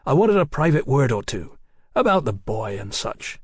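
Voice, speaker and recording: A man's voice: medium pitch, big pitch swings, normal speed, a little mellow, husky, no echo, studio quality. A man doing a wry, skeptical scientist.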